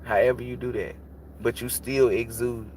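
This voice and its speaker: A man's voice: mid-range voice, steady tone, moderate pace, darkish tone, slight background noise. Blunt, profane man preaching on a livestream. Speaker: tarot reader. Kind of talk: casual livestream talk.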